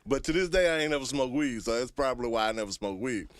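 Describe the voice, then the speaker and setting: A man's voice: medium pitch, animated, no room sound. A man co-hosting a casual talk show, cracking jokes in banter with friends. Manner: wisecracking, quick to joke.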